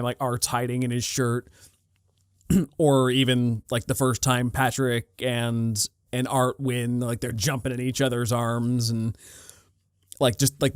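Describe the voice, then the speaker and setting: A man's voice: mid-range voice, clean tone, no room sound, studio quality. A man co-hosting a podcast, chatting casually about a film with many fillers and restarts. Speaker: podcast co-host. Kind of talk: casual film review chat.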